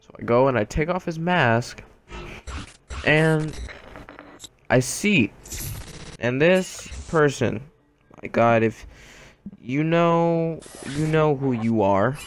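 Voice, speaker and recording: A man's voice: mid-range voice, slight background noise. A man telling a dramatic story in a casual, slangy way, with comic asides. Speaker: gaming YouTuber.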